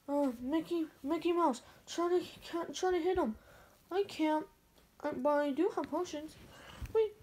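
High-voiced woman playing out a toy story. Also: measured pace, a little mellow. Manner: hesitant, many fillers and repeats. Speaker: toy play narrator. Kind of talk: toy play-acting many characters.

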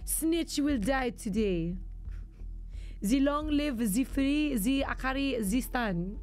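A woman voicing an informant's report to a commander in a mock French accent, reading slowly and formally with hesitations. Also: high voice, animated, darkish tone, soft background music.

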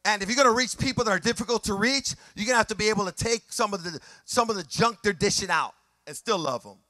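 Male pastor, sermon delivery, very high bright voice, dry close sound, acts out other people's lines. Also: quick pace, dry recording. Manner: animated preaching, swinging from quiet asides to shouted passages; acts out voices of people and scenes in his preaching.

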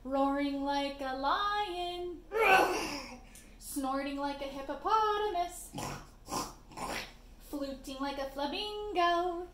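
A woman reading a picture book to children, singing its refrains in a slow, gently playful sing-song voice. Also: sits high. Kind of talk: sung storybook read-aloud. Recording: roomy echo, faint background hiss.

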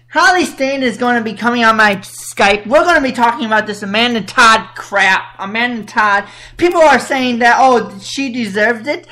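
A woman hosts a casual talk show, exclaiming in indignation and reading listener comments aloud. She speaks slowly, and her voice is bright and pitched a little high. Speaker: podcast host.

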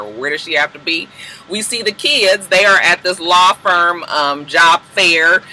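A man with a high, very bright and forceful voice recaps a TV drama in a casual, sassy way. He acts out the characters' lines as he goes. A faint hiss of noise sits under his voice. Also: moderate pace, low-quality recording. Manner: sassy, animated retelling with quoted character voices and laughs. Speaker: TV show reviewer.

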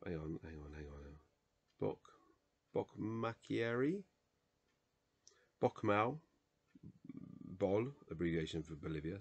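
A man with a very low voice reads words aloud one by one, slowly and haltingly. He sounds tired late at night, and he mutters quiet asides and corrects himself as he goes. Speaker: video host reading a dictionary aloud. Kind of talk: casual solo reading vlog.

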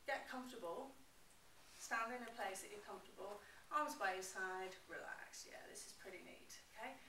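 A woman giving an animated, expressive presentation on public speaking to a class. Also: mid-range voice, normal speed, recorded from a distance, a little hiss or hum. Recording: roomy echo, mic from afar.

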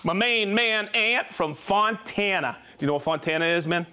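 Over music, a man hosting a live tool stream cheerfully reads out viewer shout-outs with names and hometowns, joking and tripping over the hard names. His voice sits high, animated, at a moderate pace.

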